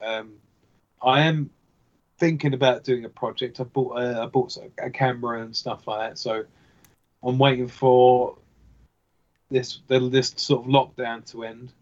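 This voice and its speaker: Man, podcast guest, hesitant, lots of ums and restarts, low voice, muffled lo-fi sound. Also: fairly even intonation, measured pace, pauses often. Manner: hesitant, many fillers and restarts. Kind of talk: casual chat.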